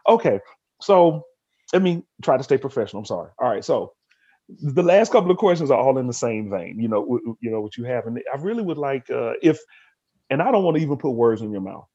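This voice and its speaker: Man hosting a podcast, husky mellow voice, rambling and emotional, dull lo-fi sound. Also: big pitch swings, a little fast. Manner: rambling, restarts, deeply moved. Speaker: podcast host. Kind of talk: emotional interview conversation.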